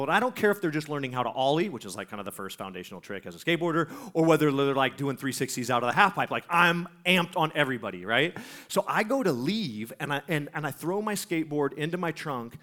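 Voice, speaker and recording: A man preaching, telling a story with lots of laughter and acted-out voices. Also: a little high. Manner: animated, laughing, acts out voices. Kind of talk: sermon storytelling.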